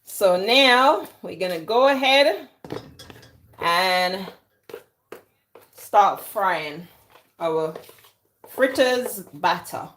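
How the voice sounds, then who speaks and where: Slow, teasing woman cooking. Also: mid-range voice, expressive, a bit bright, a little hiss or hum. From London. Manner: teasing banter with viewers. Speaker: cooking vlogger. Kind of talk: chatty live cooking stream. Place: home kitchen. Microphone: camera on a tripod.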